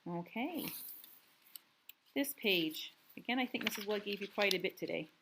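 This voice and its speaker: A woman's voice: mid-range voice, expressive, vocal fry, noisy background. A woman teacher reading a worksheet aloud to young students, drawing out words and talking patiently. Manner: slow, deliberate reading with drawn-out words; patient, encouraging classroom tone. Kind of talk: recorded remote lesson for young students.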